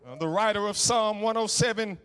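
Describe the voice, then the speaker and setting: A middle-aged man with a Southern US accent preaching in a Black church, emphatic, stammering repeats, a sing-song cadence that swings from hushed to shouting. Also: high voice, fairly quick, big-room sound. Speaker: guest preacher. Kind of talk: Black church sermon with call and response. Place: church sanctuary.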